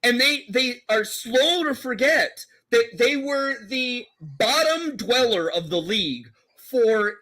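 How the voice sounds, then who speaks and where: A man's voice: very high voice, lively intonation, slow, bright, forceful tone. A man co-hosting a casual sports talk show, giving emphatic and opinionated takes. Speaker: co-host.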